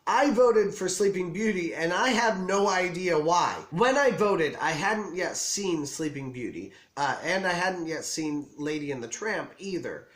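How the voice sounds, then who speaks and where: A man with a raised, hoarse and scratchy voice, audibly getting over an illness. He hosts his own channel in a chatty, self-deprecating vlog manner. The sound bounces around an echoey room. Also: high-pitched, expressive, unhurried, hardly any pauses, a bit bright. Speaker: channel host. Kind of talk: casual vlog commentary.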